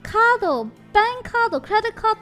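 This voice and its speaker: High-voiced woman streamer chatting animatedly. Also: rapid-fire, soft background music. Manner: animated, giggly, switches between English and Japanese. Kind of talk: casual livestream chat.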